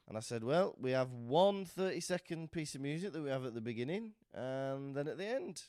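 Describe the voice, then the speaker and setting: A man's voice: mid-range voice, brisk, few pauses, clean tone, dry recording, clean studio sound. A man co-hosting a podcast in casual chat, telling an anecdote animatedly and acting out what others said. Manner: animated storytelling, acting out other people's lines. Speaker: podcast co-host.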